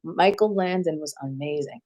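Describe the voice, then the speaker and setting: A woman's voice: low voice, normal speed. A woman streaming live in casual chat, telling rambling stories with lots of swearing and frequent laughter. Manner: profane, laughs often; rambling animated storytelling.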